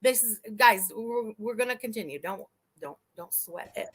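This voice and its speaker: Bright-voiced woman live-streaming. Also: a little high, animated, moderate pace, a little hiss or hum. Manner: chatty, laughs often, swears freely, talks to chat. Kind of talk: casual live-stream commentary.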